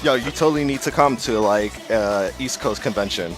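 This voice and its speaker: A man co-hosting a podcast, asking questions and teasing with quick laughs. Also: on the low side, loud music behind the voice. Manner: teasing interviewer, laughs easily. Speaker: podcast co-host. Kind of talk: casual podcast chat.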